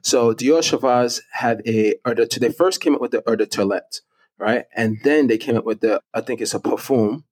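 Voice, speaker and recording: A middle-aged man, a guest expert, explaining things step by step in a chatty, animated interview. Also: medium pitch, moderate pace. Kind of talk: casual interview talk.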